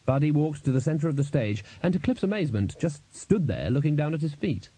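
A man narrates a story in a steady, even read. His voice is mellow and husky, and the recording is close and dry. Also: on the high side, a little fast, dry recording. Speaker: audiobook narrator. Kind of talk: scripted narration.

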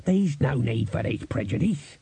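A man's voice: medium pitch, expressive, normal speed, dark tone, slightly rough, dry recording. A man voicing a male street trader and promoter who wheedles and soothes, in an audiobook reading. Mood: wheedling. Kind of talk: audiobook character voice.

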